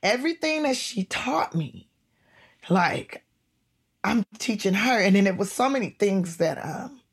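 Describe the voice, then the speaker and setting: Lively laughing comedian woman, storytelling. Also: mid-range voice, a little slow, slightly rough. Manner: animated, laughing, acts out voices in her stories. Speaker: comedian and guest. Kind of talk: casual storytelling interview.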